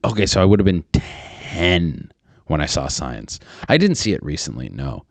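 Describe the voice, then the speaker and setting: This thirties-aged podcast host has a very deep, creaky voice with a sing-song lilt at normal speed, recorded dry through a studio mic. His talk is a crude, profane ramble packed with fillers and false starts.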